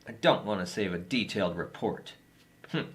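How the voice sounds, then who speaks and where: A man's voice: sits low, animated, normal speed. A man talking to himself in a playful, self-mocking way while recording sound effects for a video. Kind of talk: casual self-talk while working.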